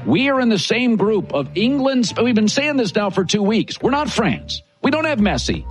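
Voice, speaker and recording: A man's voice: high-pitched, very animated, moderate pace, few pauses, faint music behind. A man hosting a sports talk show, giving emphatic, opinionated takes in a declarative way.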